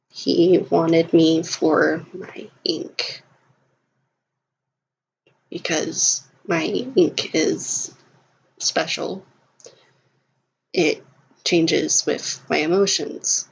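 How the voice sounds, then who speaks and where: A woman voicing a gentle young male toon creature in a tabletop game, speaking softly and earnestly. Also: low voice, vocal fry, husky, exaggerated voice. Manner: soft, earnest, confiding. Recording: lo-fi recording.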